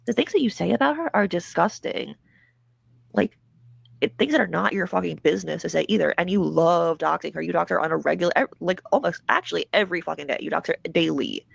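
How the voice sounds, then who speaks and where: A woman hosts a drama commentary show, and she is blunt and mocking and swears often. Her voice is low and strongly gravelly with vocal fry. The sound is close and dry. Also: fast, no room sound. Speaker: commentary host.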